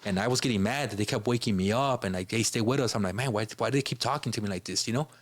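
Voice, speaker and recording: A man's voice: on the low side, racing. A man from Chicago, a podcast guest, telling a personal story in a casual, informal way, filling his speech with "you know" and "bro".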